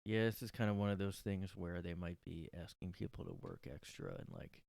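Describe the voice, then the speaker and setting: A man's voice: low voice, huge pitch swings, brisk, vocal fry, hardly any pauses, darkish tone, no room sound. A man hosting a solo podcast from his room, rambling and sarcastic with lots of fillers. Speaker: podcast host. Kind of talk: casual solo monologue.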